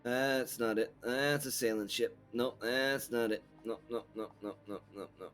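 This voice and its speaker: A man's voice: mid-range voice, fairly even intonation, moderate pace, soft background music. A man running a tabletop game as game master, chatting casually, muttering and swearing to himself, then narrating the scene to his players. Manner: swears and mutters while searching, exclaims loudly.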